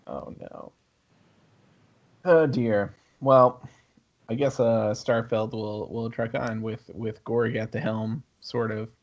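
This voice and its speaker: Male player, low and unhurried, hesitant with soft laughs, on a slightly dull recording. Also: steady tone. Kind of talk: casual podcast banter.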